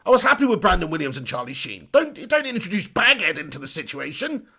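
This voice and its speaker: A man in his thirties hosts a live football watch-along, his fairly high voice leaping around as he bounces between chat messages and outrage at the substitutions. There is a gravelly edge to it, with cheeky, sweary banter aimed straight at his viewers. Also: big pitch swings, fast, bright, forceful tone. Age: 30s. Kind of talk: live-streamed match reaction.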